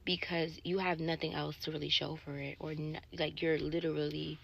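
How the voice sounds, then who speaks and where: A woman telling a casual story to camera about a bad date, indignant and animated, swearing and acting out both sides of the dialogue. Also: deep voice, moderate pace, creaky. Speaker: sales associate telling a dating story.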